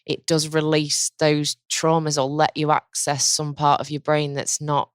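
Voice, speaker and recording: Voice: medium pitch, completely flat delivery, a little slow, clean tone, no echo, studio quality. An interviewer asking questions and reacting to a guest's story. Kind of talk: casual interview.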